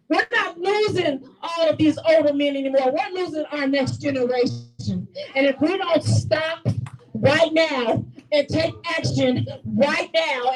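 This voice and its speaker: A woman speaking at a community meeting as an activist, in a fervent, repetitive public speech that breaks into shouting. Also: sits high, recorded from a distance, low-quality recording.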